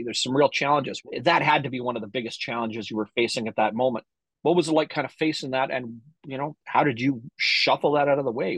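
A man's voice: mid-range voice, breathy edge, no room sound, low-quality recording. A man hosting a podcast interview, casual and emphatic, chiming in with short reactions. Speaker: podcast host.

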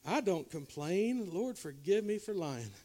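High-pitched preaching man. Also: expressive, unhurried, slight background noise. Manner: preaching with shifting loudness, from shouting highs to quiet confessional lows; conversational asides to the congregation. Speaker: pastor. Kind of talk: sermon. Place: church revival service.

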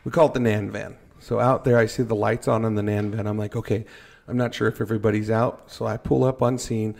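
A man telling a firefighting story in a casual podcast chat, animated and joking at his own expense. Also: lowish voice, brisk, gravelly. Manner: animated, acts out his own panicked thoughts, jokes at himself.

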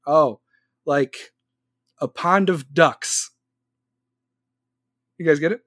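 This man's fairly high, bright voice moves slowly, with frequent pauses, captured dry at studio quality. Hosting a relaxed live stream, the podcaster reads chat comments off his phone and answers them sarcastically, arguing back with viewers.

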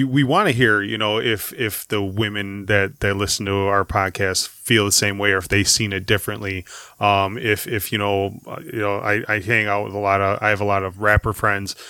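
A man's voice: lowish voice, sharp tone, smooth, no room sound, clean studio sound. A man guesting on a podcast, talking earnestly in casual chat and repeating words as he goes.

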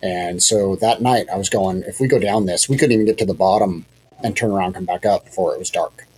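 A man's voice: sits low, fast, a little mellow, slightly rough, poor audio. A man casually telling a hunting story on a podcast, rambling and self-deprecating, with many fillers and restarts.

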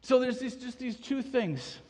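High-voiced husky preacher in a hall. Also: male voice, animated, unhurried, a little mellow. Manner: earnest, asks the congregation questions, frequent restarts. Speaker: pastor. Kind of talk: sermon.

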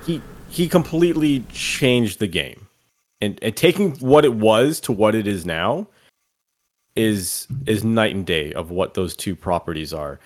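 A man with a deep, low voice co-hosting a casual podcast. He rambles enthusiastically and drops the odd curse along the way. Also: lively intonation, a little slow. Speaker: podcast co-host. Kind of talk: casual chat.

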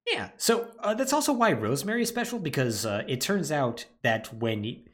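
A man's voice: on the high side, moderate pace. Guy on a podcast telling the whole story, laughing a lot, voice jumping all over. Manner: animated storytelling recap with laughter. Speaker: podcast co-host. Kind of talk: casual podcast chat.

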